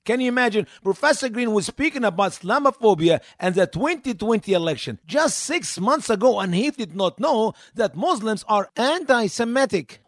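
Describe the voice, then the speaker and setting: Emphatic man with a high, lively voice. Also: no echo, clean studio sound. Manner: emphatic, repeats phrases, rising to urgent pleas. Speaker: program host. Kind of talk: commentary monologue.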